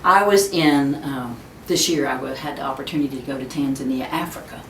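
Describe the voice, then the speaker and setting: A woman in her fifties giving a webinar talk, telling stories in an animated way and acting out the voices she quotes. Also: a little fast. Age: 50s. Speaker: speaker on child discipline. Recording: echoey room, distant mic, faint rumble.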